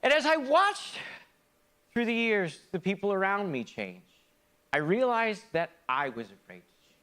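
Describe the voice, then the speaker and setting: A man performing a theatrical comic monologue, swinging between loud outbursts and hushed asides in a mock-grand, philosophical manner. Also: sits high, big pitch swings, measured pace. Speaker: stage performer.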